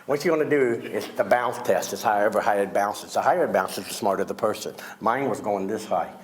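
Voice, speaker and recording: A man's voice: on the low side, brisk, a little hiss or hum. A man performing comedic magic on a school stage, teasing his young volunteers with wisecracks. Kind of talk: comedic magic show patter.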